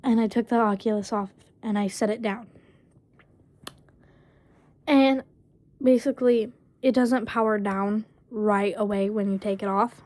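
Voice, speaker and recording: A woman's voice: medium pitch, steady tone, a little mellow, no room sound. A woman casually telling a personal story, leaning heavily on fillers like "basically" and "um". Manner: halting, full of fillers like "basically" and "um". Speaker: storyteller vlogger.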